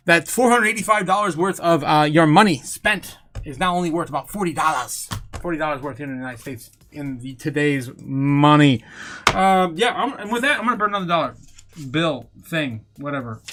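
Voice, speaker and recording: A young man hosting a crypto livestream, rambling, laughing, swearing and exclaiming loudly, a bit tipsy. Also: high-pitched, slight background noise. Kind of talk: rambling live-stream chat.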